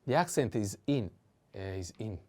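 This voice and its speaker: A man with an Italian accent teaching vocabulary in a slow, patient way, repeating each word three times and pausing on hesitant fillers. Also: fairly low pitch, animated, a little mellow.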